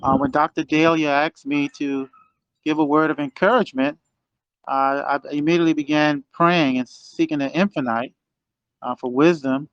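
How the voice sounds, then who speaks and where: A man in his sixties giving a motivational exhortation over a remote call, halting with many fillers and building to fervent emphasis. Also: a little high, steady tone, smooth, no echo, muffled recording. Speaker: guest speaker. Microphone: remote call connection.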